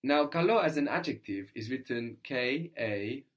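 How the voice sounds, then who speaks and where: A man's voice: mid-range voice, animated, moderate pace. A man teaching a language lesson, patiently prompting his learner with questions and often ending lines with "no?".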